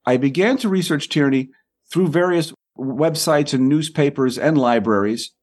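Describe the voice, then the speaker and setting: Husky middle-aged man, author guest, animated storyteller, stumbles over words. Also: fairly high pitch. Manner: quick, repeats words and acts out quoted people.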